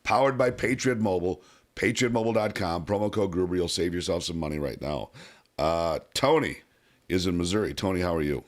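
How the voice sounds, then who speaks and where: A man's voice: low voice, a little fast. A middle-aged man hosting a talk radio show, chatting casually and giving his opinions.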